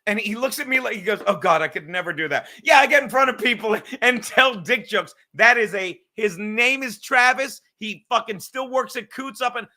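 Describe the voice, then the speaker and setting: Male podcast host, New York accent, lively storyteller; high, bright tone. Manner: animated storyteller, swearing, quick asides. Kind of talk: casual chat.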